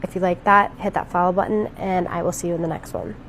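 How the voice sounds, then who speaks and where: Low-voiced woman telling a scary story. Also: steady tone, fast, a bit bright, a little hiss or hum. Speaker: horror storyteller. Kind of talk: casual horror storytime.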